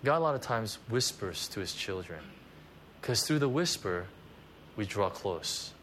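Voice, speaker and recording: A man preaching a conversational sermon at a church service, animated and full of asides. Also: fairly low pitch, measured pace, slight background noise. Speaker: pastor.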